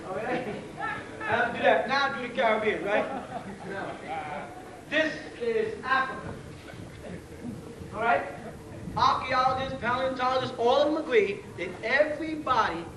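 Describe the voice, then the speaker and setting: A man's voice: very high voice, background noise. A man teaching an informal class, talking bluntly in slang and often checking in with his listeners. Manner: conversational, keeps checking in with rhetorical questions; blunt street slang and profanity. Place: class meeting room. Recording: roomy, distant 1990s class recording.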